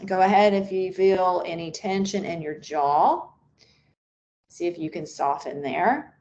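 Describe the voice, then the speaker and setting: A woman instructor talks a group through a guided breathing meditation. Her voice sits slightly low, and she speaks very slowly and softly. Her guidance is unscripted, with small fillers and restarts. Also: dull audio, a little hiss or hum.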